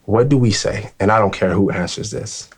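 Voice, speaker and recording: A man's voice: fairly low pitch, normal speed, husky. A man hosting a group discussion, talking earnestly with many restarts and fillers. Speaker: host. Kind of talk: casual discussion.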